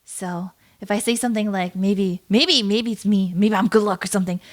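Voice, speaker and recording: A woman's voice: mid-range voice, fairly even intonation, moderate pace. A woman guest, a VTuber, chatting playfully in an interview and laughing often. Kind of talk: casual interview chat.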